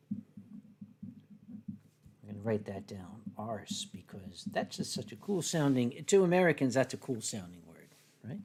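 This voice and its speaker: A man's voice: mid-range voice, sing-song, slow, pauses often, a little mellow, breathy edge. A man hosting a livestream, chatting playfully and rambling with lots of fillers while he draws viewer requests. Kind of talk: casual rambling chat while drawing.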